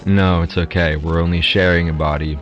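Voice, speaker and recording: A man voicing a sluggish male contestant possessed by a demon, talking slow, low and mumbling. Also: steady tone, lo-fi sound, natural voice. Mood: droning.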